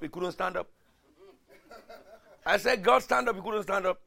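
Dramatic preacher man with a gravelly voice. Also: high voice, big pitch swings, normal speed. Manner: dramatic preaching, swinging from hushed to shouting. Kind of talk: sermon.

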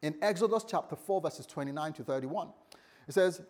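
A male pastor preaching a sermon in a church, animated and lightly teasing his congregation. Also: fairly high pitch, normal speed.

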